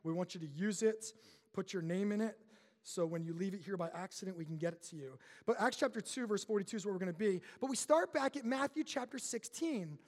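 A young adult man preaches in a church sanctuary, his voice sitting high for a man. He tells stories with animation, building tension and then dropping low and quiet. His words ring out with a long reverb trailing behind them. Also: expressive, brisk. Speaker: pastor. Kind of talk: sermon.

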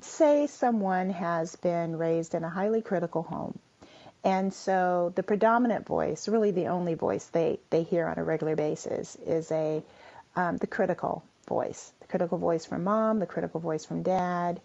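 A woman's voice: on the low side, moderate pace, vocal fry, warm tone, lo-fi sound. A woman interviewer setting up a question thoughtfully, step by step.

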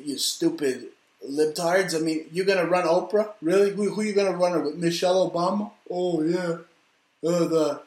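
A male host rambles through a profane comedic rant. His voice sits a little high for a man. The room around him gives the voice a noticeable echo. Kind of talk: ranting comedic monologue. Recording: roomy echo.

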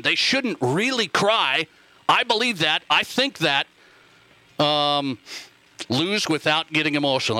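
Male sports talk host from Montana, higher voice, very bright and forceful, dry close studio sound, emphatic and repetitive. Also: no echo. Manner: emphatic, repeats phrases, reads listener texts aloud. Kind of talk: casual call-in radio talk.

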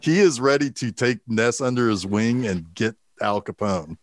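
A man's voice: mid-range voice, expressive, moderate pace, background noise. A man co-hosting a casual movie talk, retelling scenes with energy, quoting lines in voices and laughing. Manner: swears casually. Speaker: podcast co-host.

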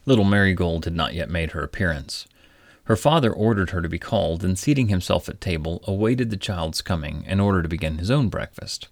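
A man reading a storybook aloud in a measured, old-fashioned, gently wry manner. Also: deep voice, no echo. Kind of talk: storybook narration.

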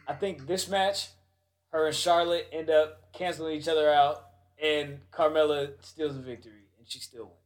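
An excitable man with a slightly high voice chats loosely about wrestling. He laughs often and stumbles over repeated words as he talks. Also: normal speed. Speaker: podcast co-host. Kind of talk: casual wrestling chat.

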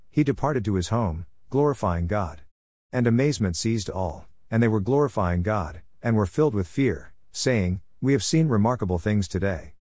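A man with a lowish voice reads scripture aloud. He moves steadily through short phrases at a measured pace. The recording is dry and close. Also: a little mellow, no echo. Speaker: scripture reader. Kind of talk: scripture reading.

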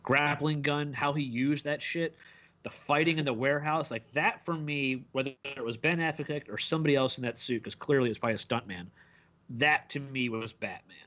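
A man co-hosting a casual podcast chat, opinionated and profane, telling stories with animated asides. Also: mid-range voice, moderate pace, highs cut off. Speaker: podcast co-host.

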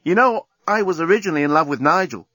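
A man's voice: fairly high pitch, lively intonation, fast talker, bright, forceful tone, no echo, pitched above the performer's own voice. A man doing a reflective, earnest woman. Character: Lucy, thoughtful American woman, restless.

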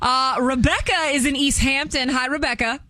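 A woman's voice: high-pitched, fairly even intonation, normal speed, pushed and bright. A woman hosting a radio call-in show, chatting casually and laughing as she tells stories.

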